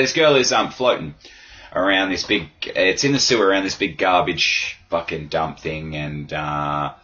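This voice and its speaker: A man hosting a casual solo podcast. His voice is hoarse from yelling, and he rambles in a crude, self-mocking way. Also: deep voice, muffled recording. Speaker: podcast host.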